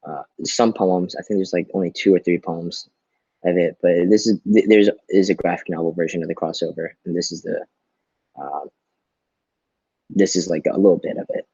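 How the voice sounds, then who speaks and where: A man's voice: sits low, fairly even intonation, normal speed, mellow, breathy edge, no room sound, muffled recording. A male teacher giving a recorded online lesson, explaining patiently and often checking in with "right?".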